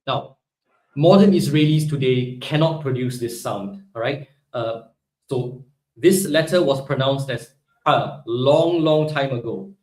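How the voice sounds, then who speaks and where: A man's voice: mid-range voice, a little slow, a little mellow, echoey room, low-quality recording. Man teaching, asking "right?" often. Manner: explanatory, peppers speech with "right?". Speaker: Hebrew teacher. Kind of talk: live online class lecture.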